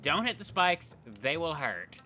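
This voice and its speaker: A young man doing wry gameplay commentary, full of quick jokes. His voice swings up and down with energy and has a bright, forceful edge. Faint game music plays behind him. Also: fairly high pitch. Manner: wry, joking and animated. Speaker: let's play commentator.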